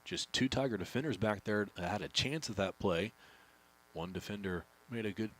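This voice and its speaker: Low-voiced man calling play-by-play. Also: normal speed. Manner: steady, speeds up on big plays. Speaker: play-by-play announcer. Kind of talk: play-by-play commentary.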